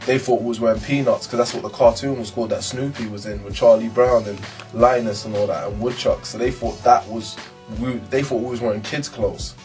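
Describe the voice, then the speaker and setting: A young man with a London accent telling a story in a slangy, halting way. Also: mid-range voice, fairly even intonation, a little mellow, far from the mic, soft background music. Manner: slangy, halting, full of restarts. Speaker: interviewee. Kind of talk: casual storytelling.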